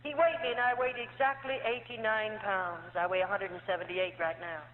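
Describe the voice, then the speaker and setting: A woman from the United States gives a dramatic, emotional testimony of her life story in a church hall. Her mid-range voice is steady and a little fast, and the old recording sounds tinny and echoey with some hiss or hum.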